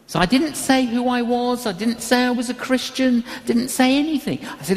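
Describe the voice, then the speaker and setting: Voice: medium pitch, animated, normal speed. An older preacher delivering a sermon in an emphatic, repetitive style and telling a personal story, heard in a reverberant hall.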